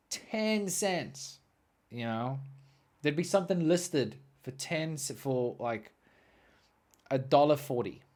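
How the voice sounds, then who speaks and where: A young man hosting a podcast, telling stories in an animated, swearing, ranting way. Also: mid-range voice. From South Africa. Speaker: podcast host. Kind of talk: storytelling monologue.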